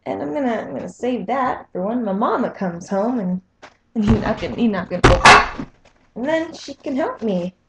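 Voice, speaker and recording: A woman's voice: on the high side, lively intonation, normal speed, very noisy. A young woman in a casual vlog, squeamish and self-mocking as she talks to the camera. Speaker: vlogger. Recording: echoey room.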